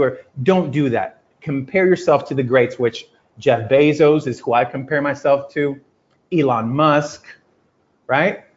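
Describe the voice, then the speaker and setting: A man giving an energetic, emphatic motivational talk to a group, telling stories and acting out quotes. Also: fairly high pitch. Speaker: business coach. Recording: lo-fi muffled audio.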